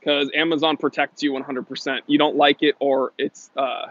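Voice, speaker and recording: A man who runs a watch shop hosts a live stream in a slightly high voice with a flat delivery and moderate pace. He rambles casually through viewer comments, answering chat questions with restarts and fillers. The stream audio is dry, dull and lo-fi.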